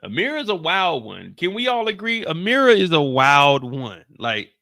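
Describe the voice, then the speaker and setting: An animated man riffs through a casual TV recap, slangy and joking. His voice sits a bit high with a bright, forceful edge. The sound is dry and close. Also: normal speed, vocal fry, dry recording. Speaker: show host.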